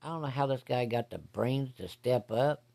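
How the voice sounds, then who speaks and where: A man's voice: mid-range voice, normal speed, creaky, a little mellow. A man casually telling a story from his own life in a blunt, folksy, profane way. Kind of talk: casual first-person storytelling.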